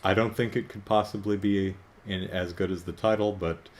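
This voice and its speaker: This thirtysomething comic book reviewer has a low voice with fairly even intonation and normal speed. His casual vlog talk is wry and self-mocking, sometimes rising into exasperated emphasis.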